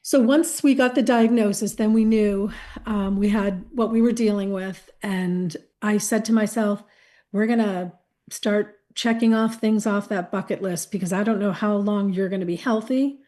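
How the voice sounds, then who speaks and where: Woman, warm mellow voice, candid reflective storytelling, lively when quoting others. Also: medium pitch, normal speed. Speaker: guest, caregiver wife. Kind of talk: personal interview storytelling.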